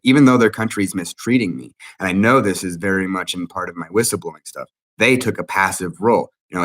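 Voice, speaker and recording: A man in his thirties giving an agitated, profane personal account, halting often and restarting his sentences. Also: low voice, fairly bright tone. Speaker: interviewee.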